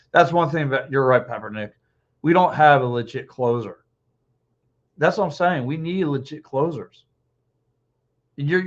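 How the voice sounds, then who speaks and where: A man in his fifties hosting a podcast, talking sports alone and reading out live comments, blunt and excitable, repeating himself, a little hoarse with a dry throat. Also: mid-range voice. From Philadelphia. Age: 50s. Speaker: podcast host. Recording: dull lo-fi stream audio.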